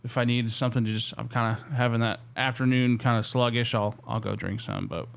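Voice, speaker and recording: A man's voice: medium pitch, lively intonation, a little fast, gravelly. A man co-hosting a casual podcast chat, rambling and correcting himself as he goes, with a teasing streak. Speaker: co-host.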